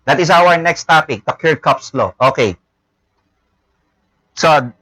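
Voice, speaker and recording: A man's voice: on the high side, a bit bright, no echo, rough recording. Filipino teacher, man, leans on "no?" and "okay?", dry close sound. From Philippines. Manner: repeats words, tag questions "no?" and "okay?". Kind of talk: classroom lecture. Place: classroom.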